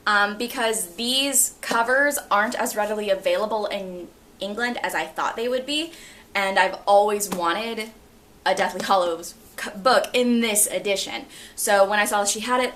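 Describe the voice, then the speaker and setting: A young woman in her twenties chatting casually and excitably about her books, laughing often. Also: medium pitch, moderate pace, slight background noise. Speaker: book vlogger. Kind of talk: casual chat.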